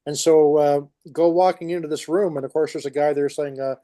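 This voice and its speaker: A man's voice: on the high side, fairly even intonation, fairly quick, warm tone, no room sound. A man with a New York accent co-hosting a podcast, telling long rambling stories in casual chat with many restarts. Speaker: podcast co-host.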